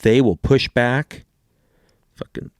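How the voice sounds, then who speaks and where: A man hosting a casual podcast conversation, animated and swearing freely as he reads passages aloud. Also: medium pitch, slow pace, no room sound, clean studio sound. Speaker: podcast host.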